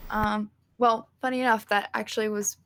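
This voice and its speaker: A woman's voice: mid-range voice, flat delivery, moderate pace, fairly bright tone, a little hiss or hum. A young woman in her twenties with a Southern US accent, asking rambling questions and laughing at herself. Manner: giggly, self-deprecating, rambling questions. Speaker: interviewer. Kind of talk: casual interview chat.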